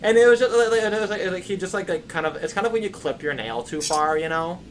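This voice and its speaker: A man's voice: high-pitched, expressive, fast talker, noisy background. A young man chatting casually, telling rambling stories full of "like" and "right?". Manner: rambling storyteller, many filler likes and rights. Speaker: English teacher of young kids; stream co-host. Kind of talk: casual chat.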